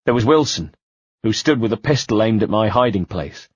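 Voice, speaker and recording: A low, husky man reads a first-person audiobook in a measured, quietly tense way. The sound is dull and close, with no room around it. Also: expressive, dry recording. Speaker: audiobook narrator. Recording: dull dry home-studio sound.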